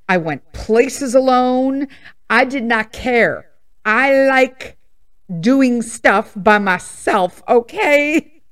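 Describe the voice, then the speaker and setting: A woman in her fifties hosting a podcast, telling personal stories in a blunt, sassy, emphatic way and laughing at herself. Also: fairly high pitch. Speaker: podcast host. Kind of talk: casual storytelling monologue.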